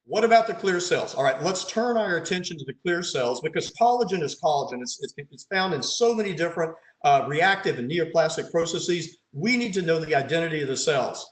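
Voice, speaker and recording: A man's voice: fairly high pitch, lively intonation, a little fast, hardly any pauses. A man, a pathologist, leads an online case conference over slides, quizzing his audience and adding dry, sarcastic asides. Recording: roomy echo.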